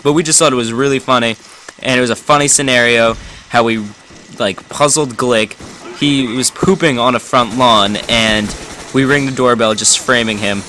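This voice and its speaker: A man's voice: medium pitch, fairly even intonation, moderate pace, bright, forceful tone, slight background noise. A young man casually telling a rambling, amused story while commentating over gameplay. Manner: rambling, amused, self-correcting.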